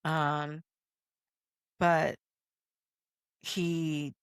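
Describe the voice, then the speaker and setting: Low-voiced woman in relaxed podcast chat. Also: very slow, smooth, dry recording, studio quality. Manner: low-key, lots of "you know" and "um" fillers. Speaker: podcast co-host. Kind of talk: casual chat. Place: podcast studio.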